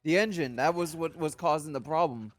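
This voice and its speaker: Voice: mid-range voice, fairly quick. A podcast co-host reacting to a film with incredulous, profane outbursts. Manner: incredulous outbursts with frequent swearing. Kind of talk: casual reaction commentary.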